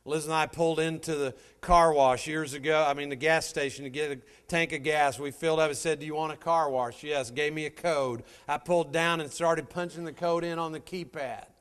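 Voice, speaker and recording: A man's voice: on the high side, steady tone, a little fast, few pauses, a bit bright, clear, resonant tone. A middle-aged man giving a folksy motivational talk to a live audience, telling stories and addressing listeners directly. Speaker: motivational speaker.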